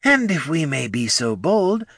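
Scheming storybook businessman, male, higher voice; a man voices him. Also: very animated, unhurried, a bit bright, breathy edge, dry recording, studio quality, full character voice. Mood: persuasive.

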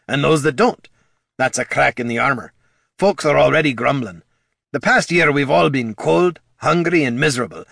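A man's voice: medium pitch, gravelly, pushed and bright, no room sound, studio quality, pitched above the performer's own voice. A man voicing a blunt, folksy veteran adventurer who worries about his party.

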